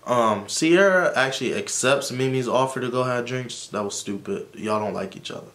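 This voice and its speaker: A man's voice: mid-range voice, moderate pace, a bit bright. Chatty man recapping a TV episode. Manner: chatty, rambling, dismissive asides like "blah, blah, blah"; opinionated, frank likes and dislikes. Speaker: YouTube reviewer.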